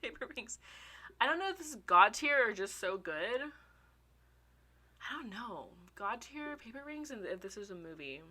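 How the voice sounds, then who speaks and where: A young woman in casual vlog commentary, excitable and gushing, swearing casually and a little out of breath. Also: medium pitch, normal speed. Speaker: fan ranking songs.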